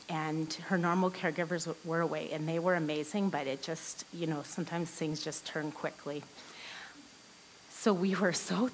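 Slow, earnest woman telling a devotional story. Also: low-pitched, slight background noise, rough recording. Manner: earnest storytelling, often laughing softly mid-sentence. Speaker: women's ministry speaker. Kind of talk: personal devotional talk.

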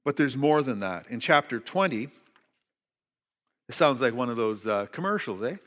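A middle-aged male pastor preaching a morning sermon, telling a story with lively asides and occasional jokes. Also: mid-range voice, moderate pace. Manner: storytelling, animated, jokey asides. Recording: reverberant hall.

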